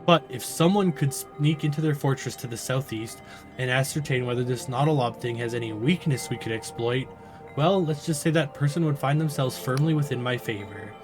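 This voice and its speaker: A man's voice: medium pitch, normal speed, soft background music, lightly acted. A man voicing a nervous, flustered female village mayor from a game, fussy, polite and overly reassuring.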